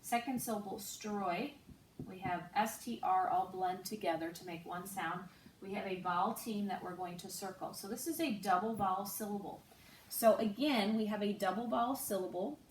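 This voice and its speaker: A woman teacher giving a slow, patient online phonics lesson, spelling out letters and sounds. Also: medium pitch. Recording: roomy, distant mic with faint noise.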